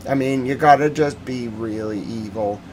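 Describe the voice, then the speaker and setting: Male stream host, mid-pitched voice, heated and emotional commentary, reads chat aloud. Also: normal speed, noisy background. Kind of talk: live-stream news commentary.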